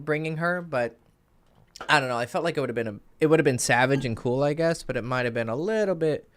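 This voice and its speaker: A man's voice: mid-range voice, a bit bright, clear, resonant tone. Candid, rambling male dating coach. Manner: rambling, candid, many fillers and restarts. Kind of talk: casual livestream Q&A.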